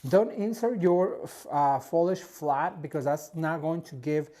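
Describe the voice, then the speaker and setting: A man's voice: fairly high pitch, expressive, measured pace, warm tone. A man hosting a casual step-by-step floral design tutorial, chatty and enthusiastic, often talking straight to his viewers. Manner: chatty and enthusiastic, addresses viewers as "you guys".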